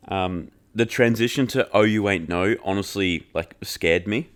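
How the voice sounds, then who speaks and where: A man with a very low voice hosts a podcast and reviews an album in relaxed chat. He jokes around, swears freely and fills his sentences with "like". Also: a little slow, hardly any pauses. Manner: loose and joking, heavy filler "like", swears freely. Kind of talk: casual chat.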